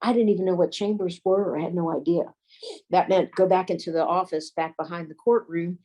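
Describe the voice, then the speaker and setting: A woman's voice: lowish voice, fairly even intonation, fairly quick, warm tone, rough recording. An older woman, a lawyer and former detective, telling folksy courtroom anecdotes in an interview. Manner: folksy anecdotes, acts out quoted voices. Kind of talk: storytelling interview.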